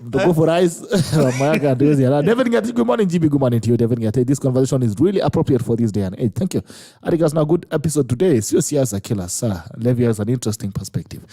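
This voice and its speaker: A man's voice: medium pitch, mellow. A Kenyan man hosting a casual talk show, switching between English and Swahili and laughing often. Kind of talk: casual chat, reading viewer comments.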